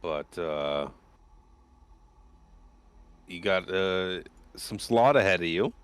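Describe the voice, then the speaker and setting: A man's voice: sits low, lively intonation, clear, resonant tone. A man running a tabletop game as game master, talking casually with lots of fillers as he wraps up the session. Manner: laid-back, filler-heavy, unhurried.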